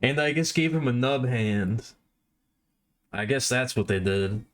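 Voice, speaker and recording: A man's voice: medium pitch, expressive, measured pace. A man livestreaming, rambling casually and poking fun at himself while chatting with his viewers.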